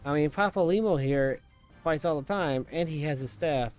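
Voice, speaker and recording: A man's voice: on the high side, moderate pace, darkish tone, clean tone, faint music behind. A man streaming a video game, making joking, crude casual comments over the cutscenes.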